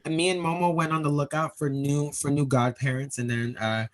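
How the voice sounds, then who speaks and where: A young man, a podcast guest, telling an earnest personal story in conversation, animated and emotional, acting out what others said. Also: on the high side, normal speed, rough recording. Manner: earnest, animated storyteller who acts out quoted speech.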